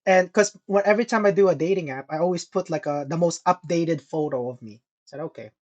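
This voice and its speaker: The recording is lo-fi, and the speaker is a young male podcast co-host with a fairly high, brisk voice. He's an animated storyteller in a casual chat, dropping lots of swears and laughing throughout.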